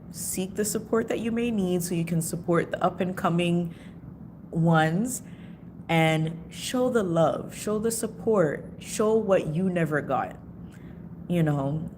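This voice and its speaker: Speaking candidly in a relaxed vlog, a woman in her thirties from Toronto, with Caribbean roots and a Canadian accent, laughs a lot and drops slangy side comments. Her voice sits on the low side with a fairly bright tone, and a little background noise can be heard.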